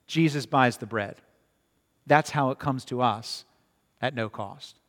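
A man's voice: mid-range voice, unhurried, a bit bright. A man preaching a sermon in a conversational way, often repeating words and checking in with "right?", in a long-reverb hall. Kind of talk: sermon with storytelling.

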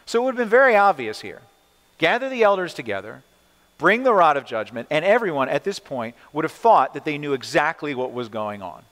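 A man's voice: on the high side, sing-song, fairly quick, fairly bright tone. Man preaching a sermon in a reverberant hall. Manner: preaching with rhetorical questions, voicing the people and God. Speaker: pastor.

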